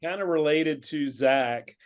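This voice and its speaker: A man who is a guest on a casual sports podcast and talks in a relaxed, rambling way. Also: fairly high pitch, unhurried.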